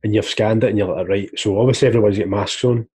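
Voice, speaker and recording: A Scottish man in a casual podcast chat, swearing easily as he tells his stories. His voice is low and rough around the edges. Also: fairly even intonation, quick pace, darkish tone. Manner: chatty storyteller, swears freely.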